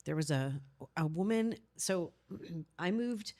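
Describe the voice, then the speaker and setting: A woman's voice: on the low side, lively intonation, takes it slowly, a little mellow. A woman in her forties from the American Midwest, a podcast host telling a story in a chatty, emotional way. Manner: chatty, emotional, acts out quotes. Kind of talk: casual conversational storytelling.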